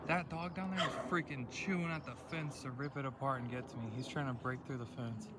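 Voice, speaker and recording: A man's voice: medium pitch, fairly even intonation, fairly quick. A man filming a casual vlog while hiking an outdoor trail, talking in a rambling, laid-back way with lots of slang. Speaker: vlogger. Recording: noisy outdoor recording.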